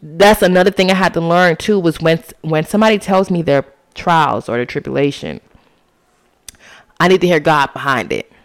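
A woman's voice: low voice, expressive, moderate pace. A woman hosting a solo podcast, talking casually and preaching with emphasis straight to her listeners. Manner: casual and chatty, often says "y'all" and "honey". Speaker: podcast host.

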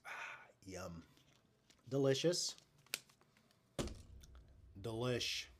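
A man's voice: mid-range voice, animated, very slow, a little hiss or hum. A man hosting a live stream in casual chat, talking in a loose, rambling, profane way.

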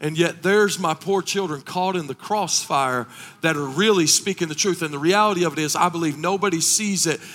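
A middle-aged man preaching a sermon as pastor, impassioned, rising into shouted, sung cadences. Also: fairly high pitch, a little fast.

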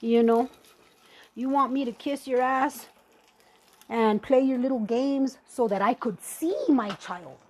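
A woman's voice: on the high side, measured pace, a little mellow. A woman hosting a podcast, ranting angrily and profanely in a confrontational personal monologue. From Native American. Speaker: podcast host.

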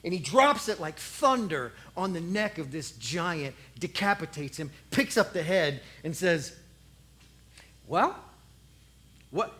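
A preacher telling a Bible story in an animated, conversational, jokey way. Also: medium pitch, a little slow, few pauses. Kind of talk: comic sermon storytelling.

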